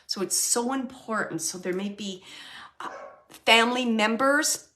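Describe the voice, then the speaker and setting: A woman hosting a live mediumship reading, gently relaying spirit messages and often pausing to thank the spirit. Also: a little high. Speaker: psychic medium and show host.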